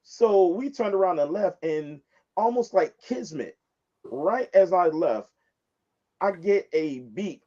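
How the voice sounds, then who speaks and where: Animated man with a mellow voice. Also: sits high, slow pace. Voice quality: animated, emphatic storyteller. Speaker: podcast guest. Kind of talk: casual chat. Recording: dull lo-fi sound.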